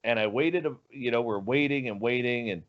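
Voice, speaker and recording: An animated male storyteller with a mid-pitched voice, letting it sink low and hushed at the tense moments. The audio is dull and lo-fi. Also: a little fast. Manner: animated storyteller, drops low and quiet for suspense. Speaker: guest radio host. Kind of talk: storytelling on a podcast.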